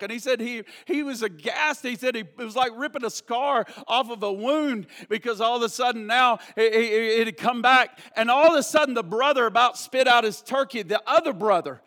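A man preaching a sermon at a church service. He moves from hushed prayer to loud, emphatic preaching and repeats words as he builds emphasis. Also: very high-pitched, moderate pace, few pauses. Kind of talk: sermon with a prayer and a storytelling illustration.

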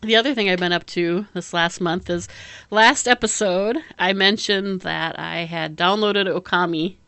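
Chatty woman, slightly low. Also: fairly even intonation, measured pace, fairly bright tone, clean tone, dry recording. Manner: chatty, rambling, laughs often, many fillers. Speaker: podcast co-host. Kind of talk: casual chat.

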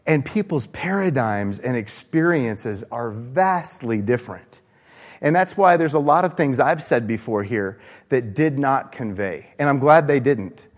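Preacher in a reverberant hall. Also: male voice, mid-range voice, animated, a little slow. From American South. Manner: informal, asks the congregation questions, frequent fillers and restarts. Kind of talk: conversational sermon. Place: church sanctuary. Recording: long reverb of a church hall.

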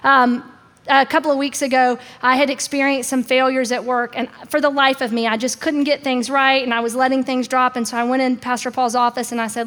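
A woman with a high, bright-pitched voice preaches a sermon in a casual, talking style. She acts out the quotes she tells, changing her voice for each speaker. Her words carry a long reverb from a large hall. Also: fairly even intonation, fairly quick.

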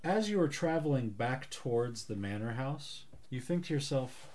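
A man calmly narrating as game master of a tabletop role-play podcast. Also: mid-range voice, normal speed, slight background noise.

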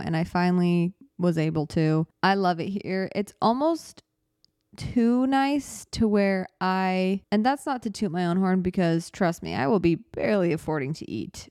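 A woman's voice: on the low side, darkish tone, dry recording, studio quality. Rambling young woman on a podcast. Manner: rambling, self-deprecating, talks fast and runs out of breath. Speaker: podcast host. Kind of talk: casual solo podcast chat. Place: small studio apartment. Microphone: studio microphone.

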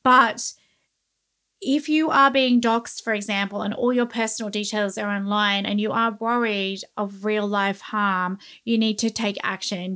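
A woman's voice: medium pitch, fairly bright tone. A woman from Australia, a journalist guest in an interview, giving earnest, emphatic advice. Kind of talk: remote interview.

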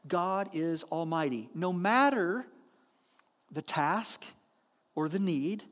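A man with a notably high voice preaches from the pulpit, moving between lively storytelling and slow, weighty declarations. His words carry a long reverb, as though filling a large sanctuary. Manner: earnest, animated storytelling with slow emphatic lines. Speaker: pastor. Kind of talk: sermon.

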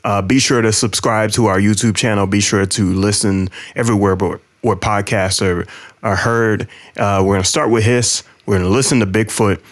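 A man hosting a podcast, talking casually and halting with frequent fillers as he sets up songs. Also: lowish voice, steady tone. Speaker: podcast host. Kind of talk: casual commentary.

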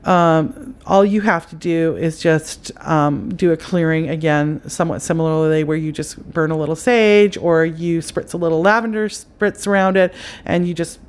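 A middle-aged woman with a slightly low voice talks through spiritual advice on her podcast. She chats loosely, repeats her words, and now and then calls the listener honey. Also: moderate pace, clean tone.

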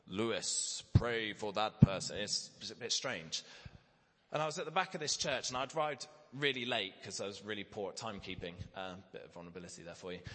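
A man's voice: mid-range voice, bright, forceful tone. A man preaching a sermon, telling a candid, self-deprecating personal story. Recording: reverberant church hall.

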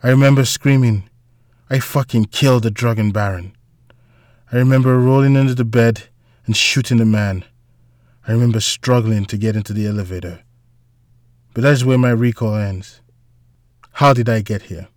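A man reads a story aloud in a steady, even narrating voice. His pitch sits mid-range for a man, and the recording is close and dry with no room echo. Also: normal speed, long pauses. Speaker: audiobook narrator. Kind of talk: scripted narration.

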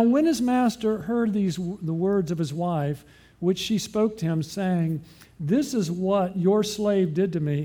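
A man's voice: sits high, dark tone. A man preaching a sermon, often putting questions to his listeners and answering them himself.

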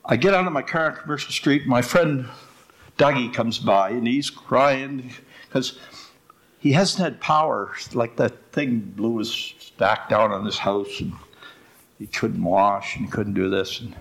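A man's voice: medium pitch, measured pace, creaky. An older man, short of breath, telling a rambling testimony in church that keeps breaking into laughter. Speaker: church member sharing a testimony.

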